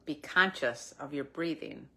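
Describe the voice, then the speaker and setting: A middle-aged woman giving a gentle, reflective spiritual talk with soft laughs now and then. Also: sits low, unhurried. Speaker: spiritual teacher. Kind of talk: spiritual talk, live stream.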